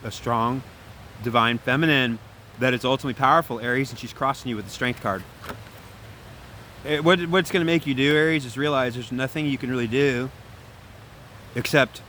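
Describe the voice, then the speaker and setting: A man giving a casual spoken tarot reading, animated and preachy, talking straight to the listener. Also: mid-range voice, a little hiss or hum. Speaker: tarot reader.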